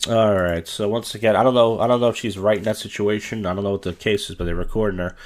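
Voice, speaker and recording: A man's voice: fairly low pitch, fairly even intonation, quick pace, a little hiss or hum. A man hosting a podcast, giving blunt, profane commentary on viral clips. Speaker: podcast host.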